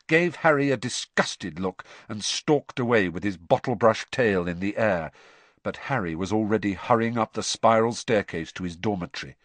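An audiobook narrator giving a dramatic, expressive scripted reading of a story. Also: medium pitch, dry recording.

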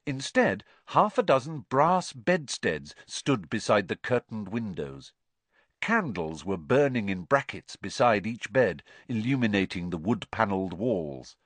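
A man narrating an audiobook in an expressive storytelling manner. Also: fairly low pitch, a little slow, dry recording.

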